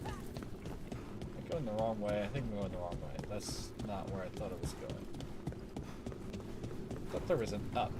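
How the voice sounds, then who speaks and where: A man's voice: fairly low pitch, moderate pace, pauses often. A man chatting casually while he plays a game on a livestream, rambling with lots of fillers. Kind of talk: casual gameplay commentary. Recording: loud background noise.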